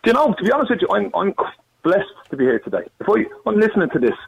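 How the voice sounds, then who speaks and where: A man with an Irish accent calling into a radio show, telling his own story in an earnest, rushed way. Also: high voice, very animated, creaky, slightly rough. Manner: earnest, rushed, tumbling words. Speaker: phone-in caller. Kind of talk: emotional personal testimony. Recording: phone line.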